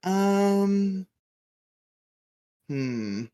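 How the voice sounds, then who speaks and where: A man's voice: high voice, drawn-out words, clean tone. A man co-hosting a casual podcast, recapping episodes with lots of laughter and acted-out lines. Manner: animated, laughs often, acts out characters' lines. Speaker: podcast co-host.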